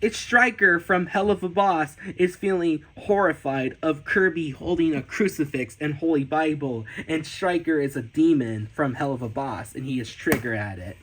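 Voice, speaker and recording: A man casually flipping through his sketchbooks on a vlog, gasping and gushing with excited exclamations. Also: a little high, moderate pace, few pauses, noisy background. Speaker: artist showing his sketchbooks.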